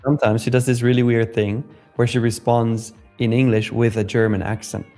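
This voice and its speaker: A man chatting casually on a live trading stream, trading jokes with his co-host and giving blunt advice to viewers. His voice sits at an ordinary middle pitch, and faint music plays behind him. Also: level tone, moderate pace, warm tone. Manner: joking, blunt, reads chat aloud.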